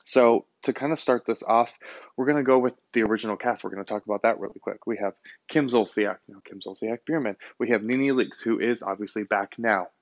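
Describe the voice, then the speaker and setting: A man hosting his own podcast alone, chatting casually and bluntly with lots of swearing, speeding up and slowing down for emphasis. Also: on the low side, no room sound, lo-fi sound. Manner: animated, blunt and profane, swings between fast bursts and slow emphasis. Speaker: podcast host. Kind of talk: casual solo podcast chat.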